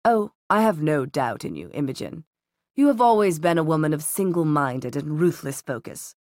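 Ruthless calm villain guy, lowish, cutting and slow, woman reader doing him. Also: no room sound, clean studio sound. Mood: cold disdain. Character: cold ruthless middle-aged male villain.

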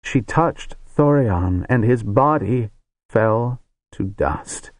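A man voicing a grave male wizard who tells a story with solemn, hushed awe. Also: on the low side, animated, slow, no echo. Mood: awed.

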